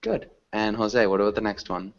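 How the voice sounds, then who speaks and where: A man's voice: on the low side, fairly even intonation, lo-fi sound. A man teaching an English class online, patiently asking students questions and explaining words. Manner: patient, slow, asks questions.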